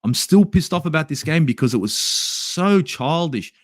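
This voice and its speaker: Ranting Australian man, lively pitch. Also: moderate pace, no room sound, studio quality. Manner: angry, swearing, exasperated ranting. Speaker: football channel host. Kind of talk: ranting match review. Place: home in Sydney at night.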